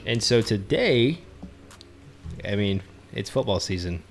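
A man's voice: on the low side, big pitch swings, slow, over loud music. A man hosting a podcast, laying out the episode in a laid-back, rambling way. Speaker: podcast host.

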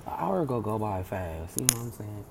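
A woman telling a story from work in an animated, slangy, swear-heavy casual chat. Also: very deep voice, fairly quick, creaky, noisy background.

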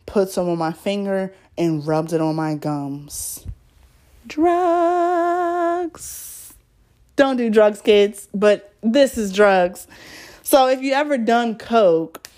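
Woman podcaster, lower voice, casual storytelling with asides. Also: darkish tone. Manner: chatty, stumbles over words and adds asides.

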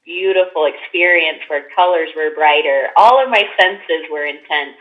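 A woman guest on a podcast, telling a story in casual chat and acting out the voices in her quotes with big jumps in pitch. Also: normal speed. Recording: dull lo-fi sound.

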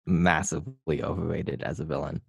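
A man's voice: a bass voice, level tone, normal speed, gravelly, slightly rough, no echo, clean studio sound. A man co-hosting a podcast, chiming in with short, blunt remarks in casual film chat. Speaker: podcast co-host.

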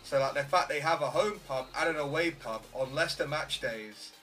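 A man's voice: fairly high pitch, brisk. A man guesting on a podcast, chatting casually with plenty of swearing. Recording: bright voice far from the mic, faint music.

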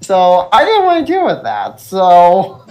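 A man co-hosting a podcast, chatting in a laid-back, unhurried way. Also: sits high, huge pitch swings, darkish tone. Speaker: podcast co-host. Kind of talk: casual chat.

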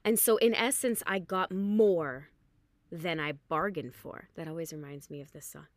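A hungover woman telling a story in a casual way, animated, and she acts out the people she quotes with big jumps in pitch. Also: moderate pace, dry recording. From Canada.

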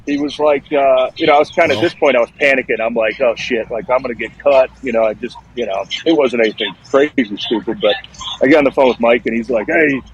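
A man's voice: mid-range voice, fast, highs cut off, a little hiss or hum. Profane, rambling man on a podcast. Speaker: former NFL offensive lineman guest. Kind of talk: casual podcast chat.

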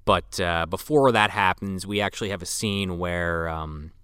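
A man co-hosting a casual film discussion, retelling scenes with lots of swearing and quick acted-out quotes. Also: sits low, a bit bright, clean tone, dry recording, studio quality.

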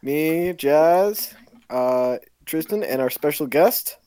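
A man's voice: on the high side, lively intonation, slow pace, noisy background. A young man co-hosting a casual podcast, rowdy and teasing, laughing often. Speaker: podcast co-host.

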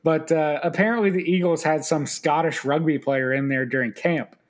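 A man co-hosting a sports podcast in casual chat, telling stories and slipping into quick mock voices. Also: a little high. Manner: animated storyteller, does quick mock voices. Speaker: podcast co-host.

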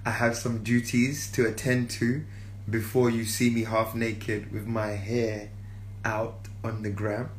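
A man hosting a casual livestream, playful, laughing often and stretching out shouted catchphrases. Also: lowish voice, little pitch movement, takes it slowly, echoey room, slight background noise. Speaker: livestream host.

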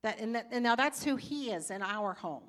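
A woman's voice: a little high, expressive, moderate pace, fairly bright tone. An older woman speaking in church, teaching through personal stories and acting out her own past reactions. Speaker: pastor's wife teaching.

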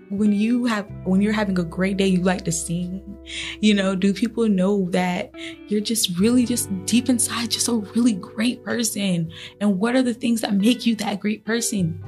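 This woman's voice sits in the mid range, creaky and a bit dark in tone. As host of a motivational faith podcast, she addresses her audience with earnest encouragement, laughing frequently along the way.

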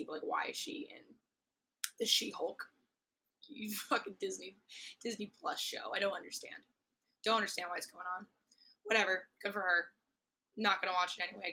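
A young woman hosting a casual solo podcast, her voice hoarse and worn, chatty and swearing often with mock-aggressive rants. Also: on the low side, fairly even intonation, brisk, sharp tone, rough recording. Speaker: podcast host.

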